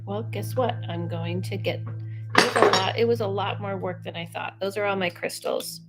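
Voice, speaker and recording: A woman's voice: mid-range voice, moderate pace, loud music behind the voice. A young adult woman doing a live psychic reading, chatting casually and animatedly, often breaking off mid-sentence. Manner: chatty and animated, self-interrupting. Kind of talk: casual livestream chat.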